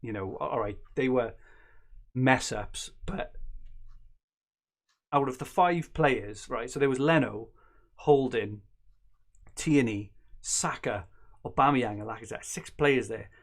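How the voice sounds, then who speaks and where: A man's voice: mid-range voice, takes it slowly, long pauses. Rambling, joking podcast man. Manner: rambling, self-correcting, joking. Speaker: podcast co-host. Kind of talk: casual banter.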